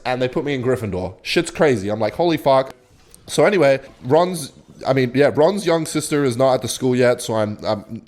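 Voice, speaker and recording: A man casually retelling a story in a rambling, profane way, jumping between excited bursts and low mumbled asides.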